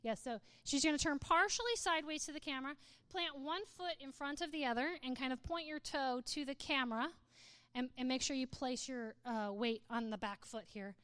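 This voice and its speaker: A woman's voice: high voice, moderate pace, fairly bright tone, dry recording. A woman speaking to a live audience in a playful, humorous way, often laughing and reading aloud with mock drama.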